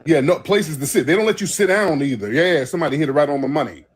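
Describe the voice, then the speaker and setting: A man from the United States hosting a casual livestream while travelling abroad, telling rambling, animated stories and swearing often. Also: a little high, fast talker, husky. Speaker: host.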